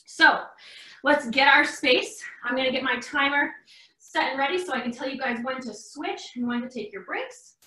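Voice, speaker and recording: Coaching a live online workout class, a young woman speaks in a high, bright voice with a forceful tone at a moderate pace. The mic is distant, and the room echoes around her. She's encouraging and upbeat as a fitness coach, if a little short of breath.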